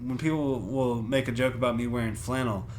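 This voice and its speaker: A man's voice: medium pitch, steady tone, brisk, slight background noise. A young man co-hosting a podcast, telling rambling, laugh-filled stories and swearing freely. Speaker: podcast co-host. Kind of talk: casual storytelling chat.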